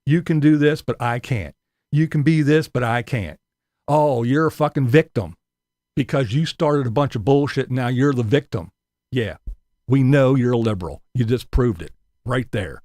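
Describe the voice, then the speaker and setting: At a moderate pace and with a slightly mellow voice, a YouTuber rants angrily in his vlog, swearing a great deal. He mocks his critics with high-pitched impressions, and the recording is dry.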